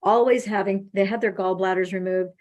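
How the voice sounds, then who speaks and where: Lady host chatting on a call, tells stories all animated, does everyone's lines. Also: mid-range voice, a little fast. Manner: animated storyteller acting out quoted speech. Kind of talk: casual phone consultation.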